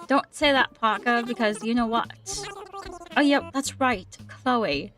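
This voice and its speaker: Faint music plays behind a young woman with a fairly high, bright voice as she livestreams a game. She speaks a little slowly, chatting upbeat and casually with her viewers and sometimes stumbling over her words.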